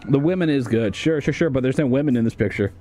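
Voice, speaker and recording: A man's voice: medium pitch, fast talker, mellow, faint music behind. A man from the United States doing livestream commentary as he ranks a tier list, rambling and swearing with plenty of fillers and restarts. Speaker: streamer.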